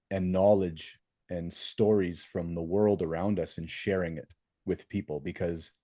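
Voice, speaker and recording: A man's voice: deep voice, mellow, no echo, clean studio sound. A middle-aged man co-hosting a podcast, easygoing and reflective in casual chat. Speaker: podcast co-host.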